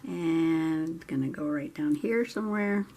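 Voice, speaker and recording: A woman's voice: sits low, a little slow, warm tone, slight background noise. A woman vlogger chatting casually to herself and viewers as she works on a craft project at home. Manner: chatty, thinking aloud while working.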